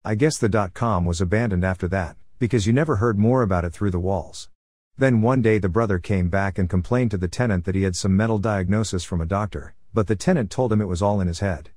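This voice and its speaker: A man calmly narrating a first-person story from his past, in a matter-of-fact way. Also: lowish voice, a little fast, no room sound, clean studio sound.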